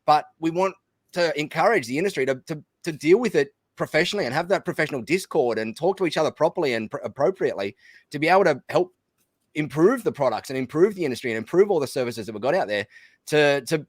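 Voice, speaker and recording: A man with an Australian accent, talking quickly and energetically as a guest in a casual podcast conversation, often restarting his sentences. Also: fairly high pitch, lively intonation, dry recording. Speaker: guest, business community founder.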